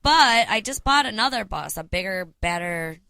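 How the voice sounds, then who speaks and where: Bright-voiced woman, breezy radio guest. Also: medium pitch, animated, normal speed, vocal fry, clean tone, no echo. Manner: laughs often, breezy and offhand. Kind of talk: casual radio chat.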